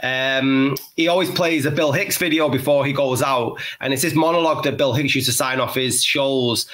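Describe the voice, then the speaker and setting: A man in his forties chats casually on a podcast. His voice is bright and forward. He rambles enthusiastically, often restarting his sentences. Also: medium pitch, moderate pace. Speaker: podcast co-host. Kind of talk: casual chat.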